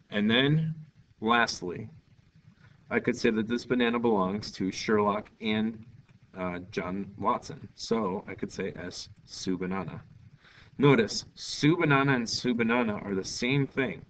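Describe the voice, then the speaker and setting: A lowish, slightly bright male voice delivers a Spanish lesson a little slowly, upbeat and full of jokes and acted-out mini scenes. It's a classroom recording from a distant, dull lo-fi mic with faint ambience and a little hiss or hum.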